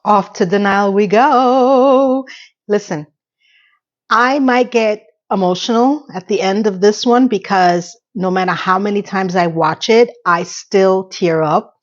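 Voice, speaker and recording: A woman talks her way through an episode recap in a chatty, offhand style. She bounces into the characters' lines with quick pitch jumps. Her voice sits in a middle register on a slightly muffled, lo-fi recording. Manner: chatty, acts out quotes with shifting pitch. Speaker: recap host.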